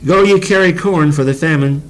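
A man's voice: a little high, moderate pace, rough recording. A man preaching a Bible teaching sermon in a folksy way, reading scripture aloud and explaining it with chuckles.

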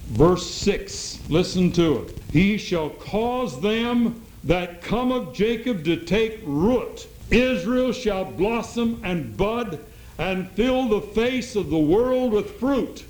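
A man preaching a sermon at an unhurried, deliberate pace. His voice sits a little high for a man, and he reads scripture aloud with slow, earnest emphasis. A faint hiss sits behind him. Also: expressive, a little mellow, rough recording.

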